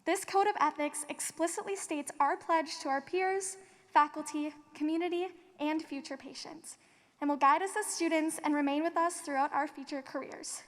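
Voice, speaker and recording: A young woman student reading a pledge aloud in an earnest, measured way. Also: sits high, fairly even intonation. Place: large auditorium. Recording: reverberant hall.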